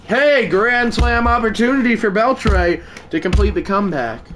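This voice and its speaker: Excitable male streamer, slightly high voice, muttered asides breaking into shouted home-run calls. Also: moderate pace, background noise. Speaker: gaming livestreamer. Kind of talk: live gameplay commentary.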